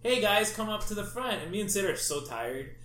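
A young man with a fairly high voice tells a story in a casual chat and acts out each quote with animated energy. He is recorded in an echoey room, with faint ambience behind him. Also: brisk, slight background noise.

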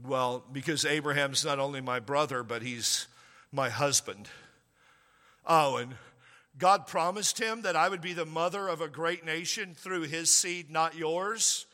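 A sassy, defiant woman taunts a king in a low, smug voice, as a preacher puts her on. The tone is bright and sits fairly high, and it rings through a big hall with a long echo. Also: unhurried.

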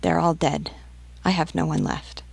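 A woman reading the part of a bewildered young peasant mother who answers in a halting, stammering way. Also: low voice, fairly even intonation, gravelly, slightly rough, dry recording, full character voice.

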